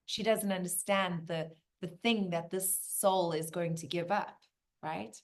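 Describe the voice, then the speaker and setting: A woman giving a motivational masterclass, animated and storytelling, with bursts of laughter and quiet moments. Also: medium pitch. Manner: animated, laughs and drops to a hush for heavy moments. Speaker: masterclass speaker.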